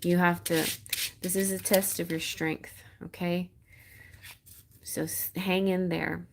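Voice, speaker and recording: A woman's voice: on the low side, level tone, slow pace, vocal fry. A woman giving a live-stream tarot reading in a chatty, encouraging way, laughing often. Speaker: tarot reader.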